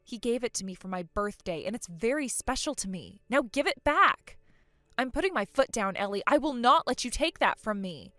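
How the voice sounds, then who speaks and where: Casting: a tired, exasperated older sister, dry delivery, bright tone. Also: female voice, fairly high pitch, animated, moderate pace, no echo. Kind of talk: acted story dialogue.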